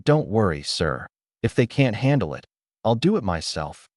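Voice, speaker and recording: A man reading as a calm ninja teacher. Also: lowish voice, moderate pace, no echo, studio quality. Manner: calm, reassuring.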